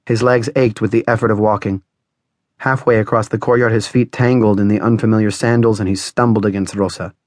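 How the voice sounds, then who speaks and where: Low-voiced male audiobook narrator. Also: fairly even intonation, fairly quick, dry recording, studio quality. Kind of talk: scripted narration.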